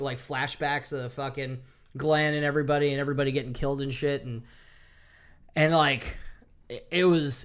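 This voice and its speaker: A man in casual chat, excitedly recapping a TV episode, swearing often and acting out the characters' lines. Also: fairly high pitch, smooth. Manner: excited, swears a lot, acts out quotes. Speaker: podcast co-host.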